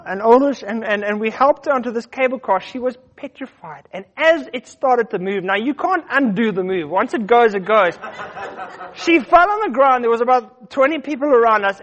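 A middle-aged man from Africa, telling personal stories in a casual, animated way, often repeating words as he goes. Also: very high-pitched. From South Africa. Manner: animated, repeats words, acts out his quotes. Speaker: storyteller. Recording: dull muffled lo-fi recording.

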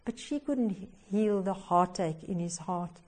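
A woman giving a sermon and telling a story, slow and emphatic, her voice swelling loud and sinking soft. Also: medium pitch. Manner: slow and emphatic, with big swings in loudness. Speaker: preacher.

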